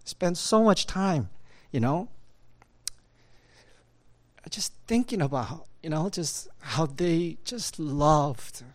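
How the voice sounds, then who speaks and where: A man's voice: on the high side, animated, slow, long pauses. A man preaching a sermon as a pastor, in a conversational style with many fillers and tag questions. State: choked up at times.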